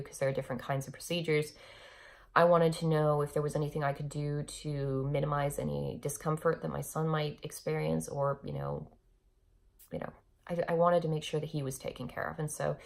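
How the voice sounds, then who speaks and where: Young woman vlogging a personal story, low gravelly voice, candid and emotional, lots of restarts.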